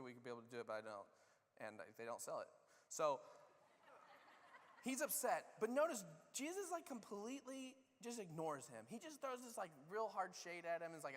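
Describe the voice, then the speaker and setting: A man's voice: a little high, a bit bright. A middle-aged man preaching a sermon as pastor, telling the story in a casual, joking way with many asides. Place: church sanctuary. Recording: long reverb of a church hall.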